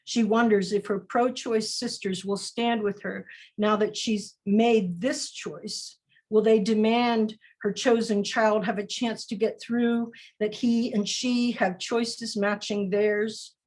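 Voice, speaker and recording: A woman poet reading her poems aloud over a video call in a slow, deliberate recitation with measured pauses. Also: medium pitch, steady tone, a little mellow. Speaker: featured poet. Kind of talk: poetry reading.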